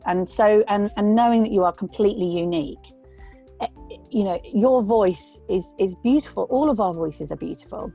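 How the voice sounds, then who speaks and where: Woman voice actor, warm and mellow tone, earnest and rambling advice. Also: medium pitch, normal speed, vocal fry, soft background music. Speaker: voice actor guest. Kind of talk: casual interview talk.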